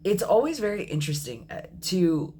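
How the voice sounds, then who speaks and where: A man in his thirties talking candidly in a personal video diary, reflective and apologetic, often pausing with ums and correcting himself. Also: sits high, sing-song, mellow, a little hiss or hum. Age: 30s. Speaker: vlogger.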